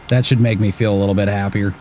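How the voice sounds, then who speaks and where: A man's voice: fairly low pitch, flat delivery, fast talker, mellow, a little hiss or hum. Laid-back man narrating his gameplay. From Washington State. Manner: laid-back, muttering to himself, swears casually. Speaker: gaming streamer. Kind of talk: casual gameplay commentary.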